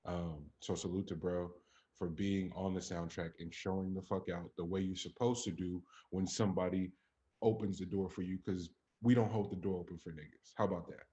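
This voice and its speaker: A man with a very deep voice holds forth in relaxed podcast chat. He talks with blunt conviction, lacing his points with profanity and climbing in energy when he presses an argument. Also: moderate pace, muffled recording. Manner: emphatic, profane, builds up to animated peaks. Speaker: podcast co-host. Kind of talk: casual chat.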